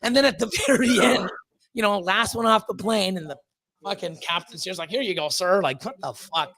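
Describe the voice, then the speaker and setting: A man in his fifties, a guest on a live stream, casually telling a long story, profane and rambling, getting animated when he quotes people. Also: high voice, normal speed. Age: 50s.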